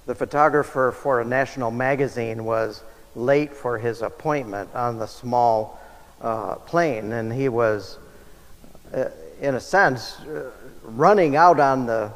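Slow-talking man preaching a sermon. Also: mid-range voice. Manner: self-deprecating, humorous, conversational. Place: church sanctuary. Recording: long church reverb.

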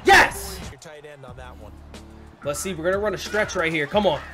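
A young man commentating his football video game play, excitable and frequently swearing and yelling at the players. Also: high voice, quick pace, music in the background. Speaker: gaming commentator.

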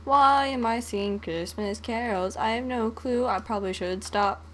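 A woman's voice: on the high side, normal speed, slight background noise. A young woman giving casual, playful gameplay commentary, often singing and humming to herself. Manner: playful, sings and hums to herself. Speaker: gaming channel host.

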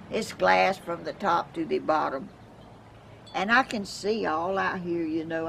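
A woman's voice: medium pitch, gravelly, a bit bright. An older woman from Georgia with a Southern accent, chatting casually and rambling in a folksy way outdoors in her yard. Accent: Southern American. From Georgia, USA. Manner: rambling, folksy, chuckling asides. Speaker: vlogger. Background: wind chimes and outdoor ambience.

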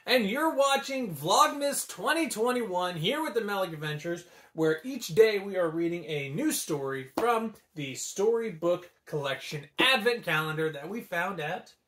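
A man hosting a casual storybook reading vlog, playful and animated with jokey asides. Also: high voice, a little slow, few pauses. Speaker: vlogger reading stories.

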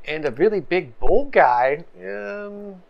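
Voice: mid-range voice, expressive, slow pace, creaky, muffled recording, pitched above the performer's own voice. A game master voicing a quirky, nervous female stowaway with offhand, shrugging replies.

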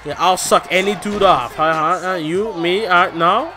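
Loud excitable young gamer guy, high voice. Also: normal speed, few pauses, over music. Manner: loud, excitable, crude trash talk. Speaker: gameplay commentator. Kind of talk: let's play commentary.

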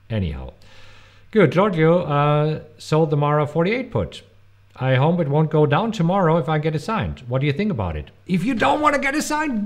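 A man's voice: medium pitch, a little mellow. A man with a German accent, hosting a live-stream Q&A. He answers viewers' questions with emphatic warnings and many fillers. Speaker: host.

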